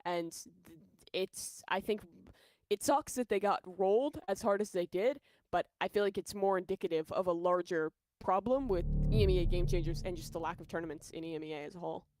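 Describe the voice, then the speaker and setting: A woman's voice: lowish voice, a little fast, no room sound. A woman co-hosting a podcast, chatting casually in a rambling way with swearing and self-corrections. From American Midwest. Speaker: podcast co-host. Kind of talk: casual chat. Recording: loud game gunfire noise behind. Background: video game sounds and gunfire.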